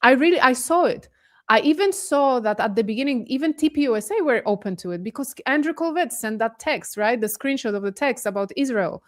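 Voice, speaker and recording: Animated woman guest from Poland. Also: a little high, brisk. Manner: animated, incredulous emphasis. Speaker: guest commentator. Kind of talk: casual podcast discussion.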